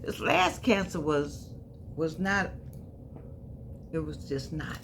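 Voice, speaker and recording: A woman's voice: deep voice, very animated, takes it slowly, creaky, slight background noise. A woman in her seventies telling her own life story to viewers, emphatic, repeating phrases and calling them honey and baby. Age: 70s. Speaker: vlogger. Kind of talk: personal storytelling to camera.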